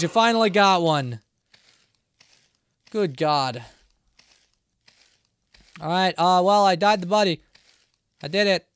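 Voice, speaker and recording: A man's voice: sits high, slow pace, pauses often, a bit bright, clear, resonant tone, no room sound. A man streaming live gameplay, talking playfully to the game's characters and rambling aloud to himself as he goes. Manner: playful, jokey, talking back to game characters; rambling self-talk with frequent restarts.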